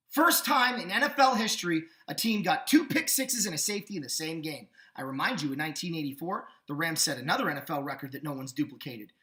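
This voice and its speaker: A man's voice: on the high side, sharp tone, reverberant. A man hosting a sports podcast, ranting indignantly with sarcasm. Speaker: podcast host. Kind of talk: sports opinion rant.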